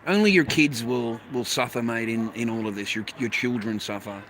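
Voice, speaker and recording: A man's voice: mid-range voice, moderate pace, background noise. A middle-aged Australian man on a livestream, talking in a blunt, profane, rambling way. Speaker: livestream host. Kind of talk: unscripted livestream rant.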